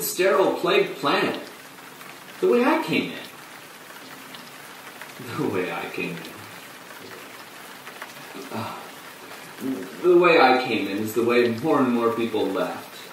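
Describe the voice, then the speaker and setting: Actor playing a rueful, halting stage storyteller. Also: male voice, medium pitch, very animated, a little hiss or hum. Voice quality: halting, dark bitter laughs. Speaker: actor in a monologue. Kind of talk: stage monologue on film. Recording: distant echoey room with rain.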